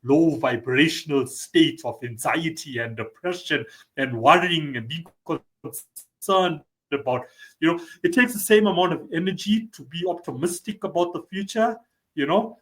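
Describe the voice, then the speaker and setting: A man's voice: on the high side, a bit bright. A man hosting a podcast, talking loosely and often filling with "you know" and "like". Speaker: podcast host. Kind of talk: casual chat.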